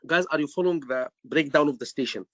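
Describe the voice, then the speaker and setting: Male tutor, animated, acts out doctor and patient lines, fairly high voice, dry dull lo-fi sound. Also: quick pace, no room sound. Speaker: exam tutor. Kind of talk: online teaching discussion. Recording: dull lo-fi recording.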